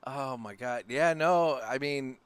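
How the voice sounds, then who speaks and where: A man's voice: medium pitch, slow, clear, resonant tone, no echo. A male podcast host from the St. Louis area, chatting casually and telling loose anecdotes in a studio. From St. Louis area, USA. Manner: relaxed and laughing easily, with loose anecdotes. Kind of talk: casual chat.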